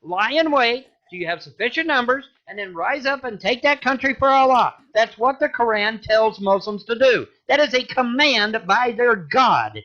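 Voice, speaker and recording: A man delivering an angry, profane rant, cursing loudly and repeating himself. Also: very high-pitched, expressive, normal speed, hardly any pauses. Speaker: ranting video creator. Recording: dull lo-fi audio.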